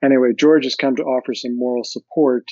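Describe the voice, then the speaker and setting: A man hosting a book chat talks in a measured, self-deprecating way and moves between casual discussion and reading aloud. His voice has a mid pitch. The audio is dry and a little muffled. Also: fairly even intonation, darkish tone, no room sound.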